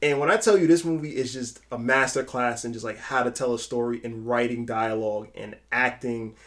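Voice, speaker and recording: A young man co-hosting a podcast, talking in a relaxed and animated way at a middle pitch. He swears freely and throws himself into the conversation. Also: brisk. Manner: animated, profane, acts out film quotes. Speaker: podcast co-host. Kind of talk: casual podcast chat.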